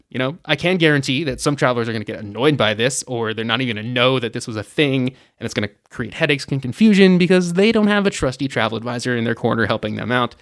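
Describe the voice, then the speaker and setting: Clean studio audio with no room sound carries a man's mid-range voice as he hosts a travel news podcast. His news rundown is casual and full of commentary; he's chatty, opinionated, and leans on "you know" fillers.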